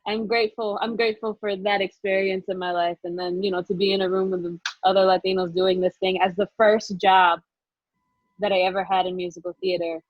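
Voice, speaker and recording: A woman guest telling a story emotionally and excitedly over a video call from her phone. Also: mid-range voice, brisk, no echo, lo-fi sound. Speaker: podcast guest. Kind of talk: casual video-call chat.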